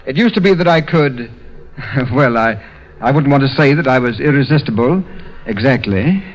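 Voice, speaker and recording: A man's voice: mid-range voice, expressive, normal speed, a little hiss or hum. A British man as a radio comedy guest, trading banter in a dry, rueful, self-deprecating way. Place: radio studio. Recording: dull 1930s radio broadcast.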